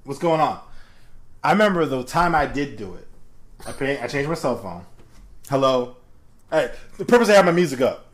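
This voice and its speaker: Animated man telling stories. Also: medium pitch, moderate pace, pauses often. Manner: animated storyteller, acts out voices of others. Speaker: podcast co-host. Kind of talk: casual chat.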